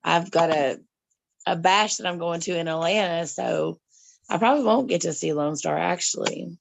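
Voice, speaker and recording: A woman chatting casually with friends on a group live stream, excitable and swearing freely. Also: fairly low pitch, normal speed, gravelly, no echo. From Tennessee. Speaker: channel regular.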